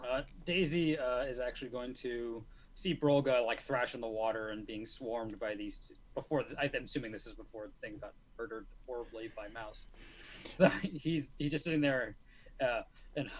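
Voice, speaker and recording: A man's voice: mid-range voice, moderate pace, low-quality recording. A man playing a tabletop game, describing his turn hesitantly. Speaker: player. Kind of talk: casual tabletop game chat.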